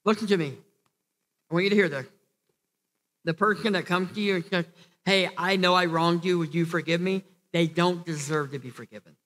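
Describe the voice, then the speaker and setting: A man's voice: high voice, moderate pace, fairly bright tone. A man preaching a sermon as pastor, earnest, often restarting and repeating phrases, building to emphatic peaks. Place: church hall. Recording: long church hall reverb.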